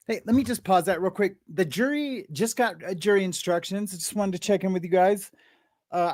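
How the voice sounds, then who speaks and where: A man with a fairly high voice hosts a casual live stream from home. He rambles in a loose, joking way and greets viewers in the chat by name. The sound is dry and close, with no room echo. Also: expressive, moderate pace, darkish tone. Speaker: live-stream podcast host.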